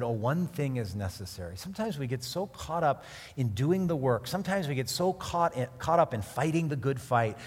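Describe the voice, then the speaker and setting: A man preaching a sermon in an earnest, conversational way that rises to emphatic peaks. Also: mid-range voice. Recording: long hall reverb.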